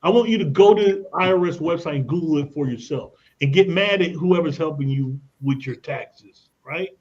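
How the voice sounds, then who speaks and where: Emphatic high-voiced man on radio. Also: normal speed, darkish tone, lo-fi sound. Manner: emphatic, tells anecdotes, repeats "look at this". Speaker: credit expert guest. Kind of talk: radio interview, lively explaining.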